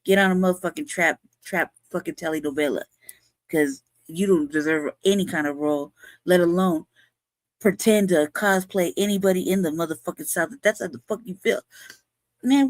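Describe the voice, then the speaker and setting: A Californian woman in her forties hosts a livestream commentary show, ranting angrily and swearing heavily. Her voice is fairly low, at normal speed, with no echo.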